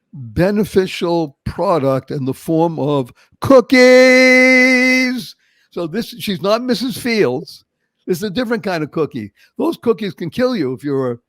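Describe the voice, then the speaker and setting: An older man from Boston with a Boston accent, hosting a motivational interview show with animated, emphatic storytelling. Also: sits high, no room sound. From Boston, Massachusetts. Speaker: show host.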